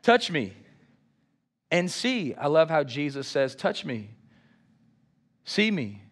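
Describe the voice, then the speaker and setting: A man's voice: a little high, takes it slowly, slightly rough. A man preaching a sermon, reading scripture and drawing responses from the congregation. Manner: lively, engages congregation with call-and-response. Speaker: pastor.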